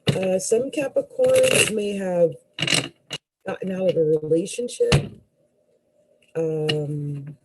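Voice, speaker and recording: A woman's voice: lowish voice, takes it slowly, pauses often, background noise. A woman astrologer giving a live tarot reading, musing aloud with hesitant fillers and restarts and exclaiming in surprise as cards fall out.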